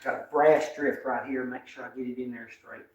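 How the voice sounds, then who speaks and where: A man's voice: medium pitch, fairly even intonation, fairly quick. A man, hosting a casual live stream while working on a car part in his garage, talking in a folksy way and muttering to himself as he goes. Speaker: host. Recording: echoey, distant, noisy shop.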